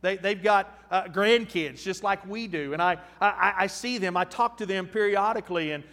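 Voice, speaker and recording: A man in his fifties preaching a storytelling sermon, folksy and animated, with frequent restarts. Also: high voice, normal speed, big-room sound. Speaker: pastor.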